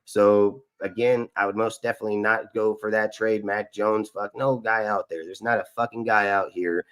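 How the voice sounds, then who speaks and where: A man's voice: fairly low pitch, steady tone, moderate pace, fairly bright tone, clear, resonant tone. A man hosting a live sports stream, ranting in an aggressive, profane and boastful way. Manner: boastful, repetitive. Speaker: sports show host.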